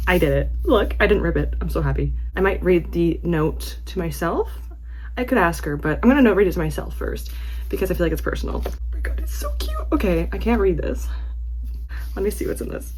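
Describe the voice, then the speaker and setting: A woman book vlogger chatting casually to camera, with many fillers and lively swings in pitch. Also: a little fast, a little hiss or hum.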